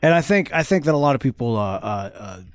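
A man's voice: medium pitch, big pitch swings, fast talker, dry recording, studio quality. A man co-hosting a casual podcast, joking often and stumbling over words. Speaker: podcast co-host. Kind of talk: casual chat.

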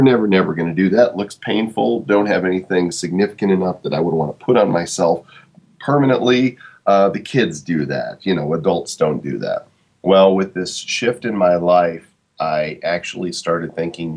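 Forties male host, low husky voice, reflective and loose. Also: a little mellow. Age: 40s. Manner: reflective, with many fillers and restarts. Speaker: podcast host. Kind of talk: casual monologue.

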